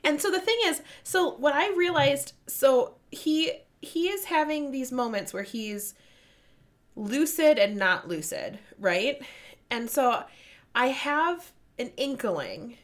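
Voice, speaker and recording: A woman hosting a casual book chat, retelling scenes with excitement and plenty of swearing. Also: high-pitched, slow pace. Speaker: book podcast host.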